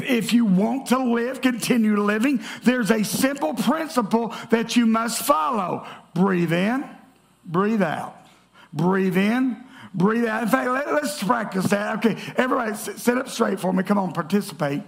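A man preaching a sermon as pastor, lively and joking, calling out to his congregation in church. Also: extremely high pitch, gravelly. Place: church sanctuary.

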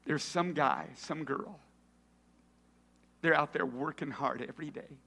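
A man preaching a sermon, telling stories and dropping from loud lines to hushed whispers. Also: on the high side, measured pace, vocal fry, slightly rough. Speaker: pastor.

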